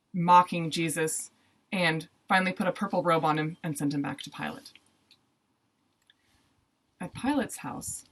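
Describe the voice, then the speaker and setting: A woman storyteller narrating a Bible story for children in a gentle, plain storytelling manner. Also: fairly low pitch, slightly rough, poor audio. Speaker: Sunday school storyteller.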